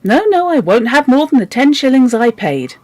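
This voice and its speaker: A woman's voice: very animated, normal speed, darkish tone, no echo. A woman voicing a cross middle-aged lady who scolds shrilly and later gushes kindly. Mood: sweetly kind. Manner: shrill scolding, then gushing.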